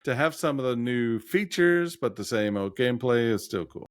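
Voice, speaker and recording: A man's voice: medium pitch, lively intonation, moderate pace, dry recording. Easygoing male podcast co-host, reflective chat, dry recording with no room sound.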